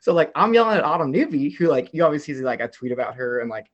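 A young man from the American South telling an excited story in casual chat, filling his talk with "like" and acting out what people said. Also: fairly high pitch, fast, muffled recording. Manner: excitable storyteller, heavy "like" filler, acts out quotes. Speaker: guest telling a travel story.

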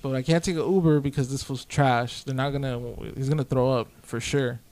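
Laid-back and profane, this young podcast guest works through a lengthy story, playing both sides of the conversation and frequently quoting himself. His medium-pitched voice is a little mellow, with fairly even intonation and a slightly fast pace.

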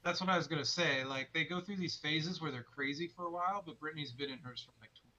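Male comedy-podcast co-host, bright tense voice, deadpan, a bit muffled on his mic. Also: on the high side, fast, a little hiss or hum. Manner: dismissive, deadpan, profane. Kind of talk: casual comedic chat.

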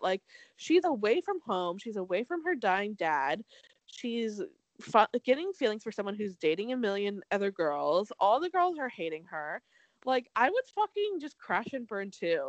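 A young woman co-hosting a casual podcast, recapping a reality show in an animated, swearing way. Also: mid-range voice, moderate pace, no room sound, lo-fi sound. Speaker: podcast co-host.

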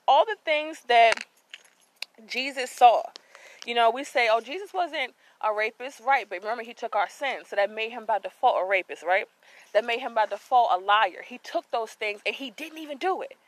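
A woman's voice: fairly high pitch, fairly bright tone, a little hiss or hum, rough recording. A woman hosting a faith podcast, talking outdoors into her phone, earnest and a little out of breath, often repeating words as she searches for them. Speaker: podcast host. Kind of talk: casual faith talk.

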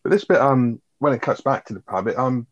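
A man's voice: mid-range voice, expressive, a little fast. A man co-hosting a casual chat about a sitcom episode, rambling with fillers and the odd swear. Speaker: podcast co-host. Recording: dull lo-fi sound.

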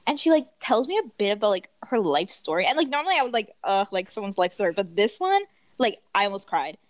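This young podcast co-host has a mid-range voice with big pitch swings and a quick pace, recorded without echo. In casual chat, she quotes customers in put-on voices, sprinkling in lots of "like."

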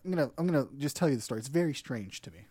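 A man's voice: medium pitch, lively intonation, racing, mellow, slightly rough, no echo. A man co-hosting a podcast, joking around and telling rambling stories in a laid-back way. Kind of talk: casual storytelling chat.

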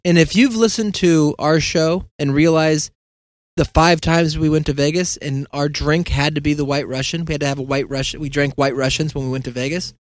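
Rambling man with a slightly high voice. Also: steady tone, normal speed, dry recording. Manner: meandering, self-deprecating, acts out quoted dialogue. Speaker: podcast host. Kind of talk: casual rambling monologue.

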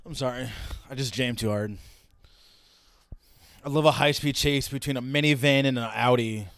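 A man's voice: medium pitch, moderate pace, a bit bright, smooth, dry recording. Young man, reaction commentary, profane, ranting wisecracks, dry close sound. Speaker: reaction video host.

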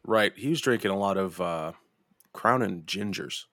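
A man's voice: sits low, moderate pace, fairly bright tone. Profane, rambling young male podcast host. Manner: rambling, profane, laughing, restarts often. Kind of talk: casual storytelling chat.

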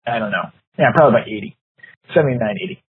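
A man's voice: mid-range voice, racing, slightly rough, no echo. A man in his fifties co-hosting a podcast, telling a long story in casual chat with lots of fillers and frequent laughter. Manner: rambling, laughs often, many fillers. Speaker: podcast co-host. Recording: tinny phone-like podcast audio.

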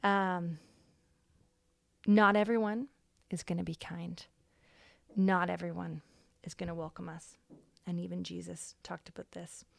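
A woman's voice: lowish voice, little pitch movement, unhurried, gravelly, pauses often, no echo. A woman hosting a faith-based devotional podcast, talking in an earnest, conversational way with frequent ums. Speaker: podcast host.

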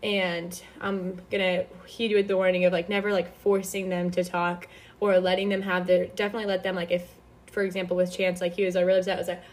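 A woman's voice: fairly low pitch, flat delivery, fast. A young woman hosting a podcast, giving casual faith-based advice in a chatty way full of fillers and restarts. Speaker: podcast host.

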